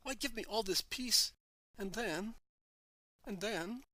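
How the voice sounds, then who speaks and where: A man's voice: high voice, big pitch swings, slow pace, sharp tone, no room sound, heavily acted. A man reading aloud, voicing an old male teacher who pleads through sobs. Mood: desperate pleading. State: sobbing.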